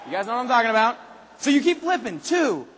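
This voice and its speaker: A man giving an energetic convention speech, firing punchy questions at the audience and sometimes bursting into shouts. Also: extremely high pitch, noisy background. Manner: rapid-fire questions to the audience, punchy and emphatic. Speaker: motivational speaker at a sales convention. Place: large convention hall. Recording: long hall reverb.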